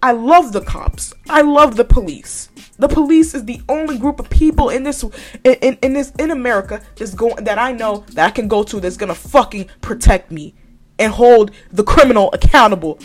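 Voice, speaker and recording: A woman's voice: a little high, moderate pace, faint music behind. Blunt, heated woman ranting with swearing. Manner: scolds directly, repeats points for emphasis. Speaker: podcast host. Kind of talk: profane commentary rant.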